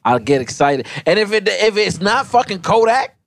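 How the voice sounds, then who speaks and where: A man in loud, profane casual banter, laughing often. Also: high-pitched, very animated, normal speed, slight background noise.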